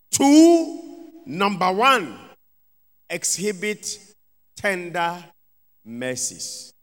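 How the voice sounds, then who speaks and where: A man's voice: high-pitched, a bit bright. A man, a bishop preaching a sermon with emphatic call-outs of hallelujah and amen. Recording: long reverb of a large hall.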